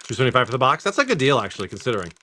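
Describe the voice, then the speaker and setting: A man hosts a live card-breaking stream with a lively voice that swings up and down. He talks loosely and casually to his chat, dropping curse words as he goes. His pitch sits in an ordinary middle range. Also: racing, slight background noise. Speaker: host of a live card-pack opening stream.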